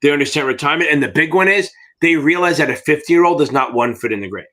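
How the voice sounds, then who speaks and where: A man's voice: fairly high pitch, fast talker, bright, forceful tone. A middle-aged American man teaching exam prep in a live Q&A, blunt and rambling, with frequent swearing.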